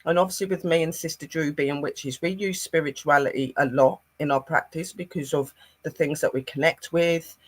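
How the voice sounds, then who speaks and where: A host opening an online talk show, slowly introducing a co-host and guests. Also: female voice, sits low, steady tone.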